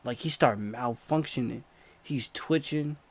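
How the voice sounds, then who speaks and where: Slow-talking young man telling a wild story. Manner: animated slangy retelling, jumps from low mutters to excited high outbursts. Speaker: storytime vlogger. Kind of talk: casual storytelling.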